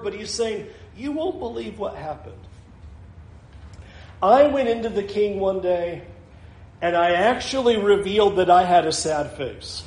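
High-voiced man preaching in an echoey room. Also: measured pace. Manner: expressive, acts out quoted scripture and voices. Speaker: pastor. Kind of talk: sermon.

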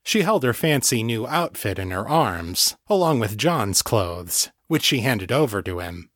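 Dry, measured male audiobook narrator. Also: lowish voice, dry recording. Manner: even, measured storytelling. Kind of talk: scripted narration of a novel.

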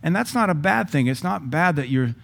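A male pastor teaching a sermon in a lively, joking way, now and then breaking into praying in tongues. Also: a little high, fairly quick, creaky.

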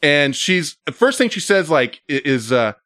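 Guy telling a story all animated, cussing a lot, dry close sound. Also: on the high side, normal speed, no room sound. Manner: animated, swearing, lots of fillers. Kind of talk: casual storytelling.

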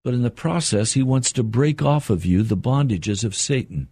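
An older man preaching an earnest radio sermon, his voice climbing higher as he presses a point. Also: animated, moderate pace, mellow, husky, no echo. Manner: earnest, rising in pitch for emphasis and quotes.

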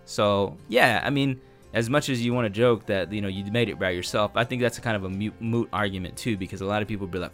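A man with a fairly low voice talks in a loose, rambling, thoughtful way, co-hosting a casual podcast. Faint guitar music plays softly under him. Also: fast, few pauses. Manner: relaxed, reflective, rambling. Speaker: podcast co-host. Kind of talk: casual chat.

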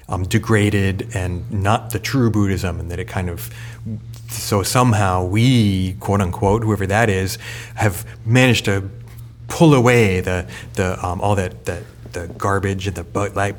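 A man's voice: low voice, fairly even intonation, normal speed, slight background noise. A man co-hosting a podcast, speaking casually with wry sarcastic asides and frequent murmured agreement. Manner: wry, sarcastic asides, many "mm-hmm" backchannels. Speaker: podcast co-host. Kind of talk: casual discussion.

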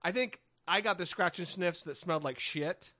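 A man's voice: high-pitched, moderate pace, bright, forceful tone. A man co-hosting a comedy podcast, joking and rambling with frequent restarts in casual chat. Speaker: podcast co-host.

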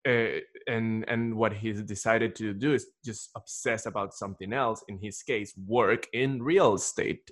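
A man hosting a casual interview, attentive and a little halting, often restarting his sentences. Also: on the low side, steady tone. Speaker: podcast host.

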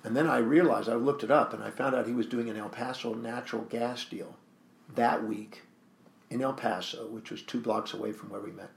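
Man, gravelly voice, lively storyteller acting out the lines, echoey room. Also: mid-range voice, a little fast. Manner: animated storyteller, acting out quoted dialogue. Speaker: guest speaker and author. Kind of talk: storytelling in an interview.

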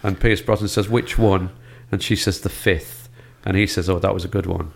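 A man's voice: low voice, steady tone, moderate pace, creaky. An older man chatting about films as a guest, telling stories with a dry sense of humor. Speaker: film guest. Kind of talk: casual film chat.

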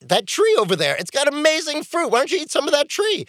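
A man voicing a smooth-talking serpent who coaxes and reassures. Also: very high voice, wildly swooping pitch, fast, fairly bright tone, dry recording, clean studio sound, voice pushed up, exaggerated voice. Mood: coaxing. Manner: coaxing.

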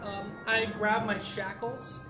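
A woman's voice: medium pitch, level tone, slow, reverberant, music in the background. A woman playing a tabletop game, speaking casually and hesitantly with many fillers. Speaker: player.

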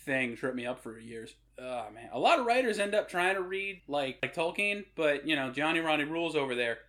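A man hosts a casual podcast in a slightly higher voice. He spins jokey anecdotes and loose tangents. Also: expressive, fairly quick, pushed and bright. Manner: joking anecdotal storyteller. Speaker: podcast host.

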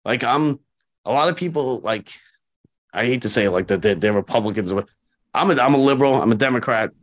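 A man's voice: medium pitch, brisk. A man who works as a corrections officer, telling stories casually in an interview, acting out the dialogue and repeating points for emphasis. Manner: animated, acts out dialogue, repeats himself for emphasis. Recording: slightly dull lo-fi audio.

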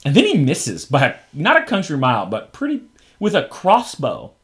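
A man co-hosting a podcast in casual chat, talking in an animated way with many fillers. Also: on the high side, moderate pace. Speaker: podcast co-host.

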